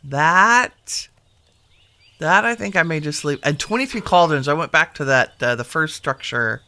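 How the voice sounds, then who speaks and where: Gravelly-voiced man thinking aloud. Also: medium pitch, sharp tone. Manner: chatty, thinks aloud to himself while sorting. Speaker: gaming video host. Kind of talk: casual gameplay commentary.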